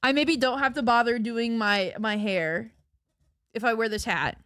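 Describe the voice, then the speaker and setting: A woman's voice: a little high, unhurried, fairly bright tone, smooth, no echo, studio quality. A woman chatting casually on a live stream, playful and giggly, laughing often, her voice cracking. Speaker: livestreamer.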